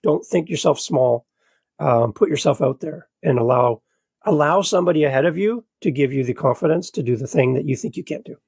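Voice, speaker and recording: Husky-voiced man telling an earnest story. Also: fairly high pitch, a little fast, dry recording. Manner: animated, story-driven, earnest motivational tone. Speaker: podcast guest and show host. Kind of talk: conversational storytelling.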